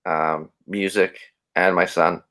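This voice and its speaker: A man with a somewhat low voice talks through personal matters on a podcast. He sounds reflective and open. He often restarts his sentences as he works out what he wants to say. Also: flat delivery, takes it slowly, pushed and bright. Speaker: podcast guest. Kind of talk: casual interview chat.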